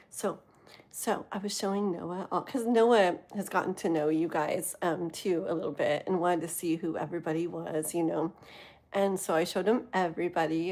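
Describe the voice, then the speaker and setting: Giggly, chatty woman live-streaming. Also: fairly low pitch. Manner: giggly, chatty, easily sidetracked; drops to a hushed voice at times. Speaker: live tarot reader. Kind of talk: casual live-stream chat. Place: home with thin walls.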